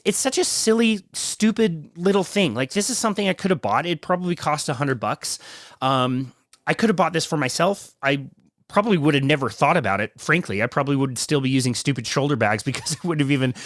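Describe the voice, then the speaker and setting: A man's voice: a little high, a bit bright, dry recording, clean studio sound. Emotional male podcast host. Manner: casual, halting, many fillers. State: emotional, near tears. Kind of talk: emotional tribute talk.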